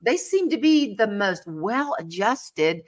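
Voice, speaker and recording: A woman hosting a casual interview, lively and quick to exclaim. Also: medium pitch. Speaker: host.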